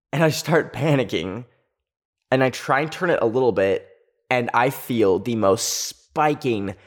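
Rambling young man telling a story. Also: medium pitch. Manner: rambling, heavy use of filler "like". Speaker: storytelling video host. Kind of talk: casual storytime.

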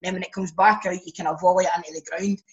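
Podcast host asking questions. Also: male voice, high voice, fast talker, muffled recording. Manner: relaxed questioning, swears casually. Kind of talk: casual chat.

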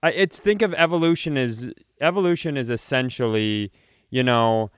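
A man's voice: medium pitch, normal speed, smooth, no echo, studio quality. A man co-hosting a podcast, teasing his partner in casual chat and rambling off into tangents. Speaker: podcast co-host.

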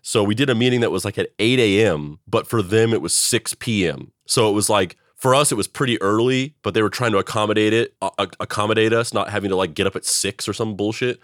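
A man's voice: fairly low pitch, quick pace, hardly any pauses, no echo, studio quality. A man co-hosting a podcast in rambling, profane casual chat. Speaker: podcast co-host.

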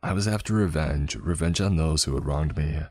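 A man narrating a dark first-person fantasy story in a grave, dramatic way, with faint music behind. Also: rumbling low, moderate pace, dry recording.

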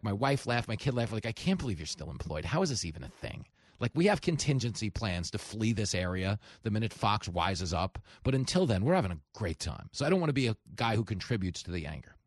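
A man hosting a talk radio show, speaking in an animated, sarcastic way and mocking his opponents in put-on voices. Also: fairly low pitch, dry recording, clean studio sound. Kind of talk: opinionated talk radio monologue. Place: radio studio. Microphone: studio mic.

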